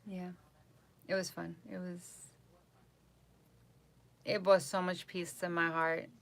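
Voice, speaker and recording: A woman from New York talks casually to her live-stream viewers, repeating phrases and stumbling over names. Her voice sits a little low but has a bright, forceful edge. The New York accent comes through plainly. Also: little pitch movement, slow pace, creaky. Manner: chatty, repeats herself, reads viewer names aloud. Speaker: psychic livestream host.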